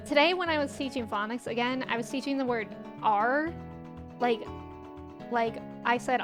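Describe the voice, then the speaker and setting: A young woman with a Midwestern American accent streams a game, giggling and rambling as she chats with viewers while game music plays. She has a fairly high pitch and speaks a little slowly, with long pauses.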